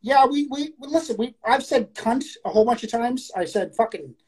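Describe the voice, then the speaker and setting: A woman co-hosting a loose, casual podcast, her voice sitting a little high. She talks bluntly and swears often, and slows right down when she reads poetry aloud. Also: expressive, a little mellow, slightly rough, low-quality recording. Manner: crude, blunt, profane talk; reads poems aloud slowly. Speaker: podcast co-host. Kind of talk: casual chat.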